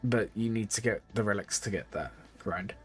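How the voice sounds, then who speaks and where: Soft music plays under a man with a breathy edge to his voice as he reviews game accounts live at a moderate pace. His advice to viewers is chatty and rambling, full of repeated phrases and lively pitch. He's a bit tired and yawns.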